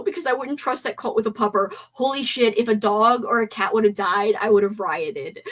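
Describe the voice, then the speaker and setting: Excitable woman hosting a live stream. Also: on the high side. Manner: animated, reads chat comments aloud, swears and gasps excitedly. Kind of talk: casual live stream movie discussion.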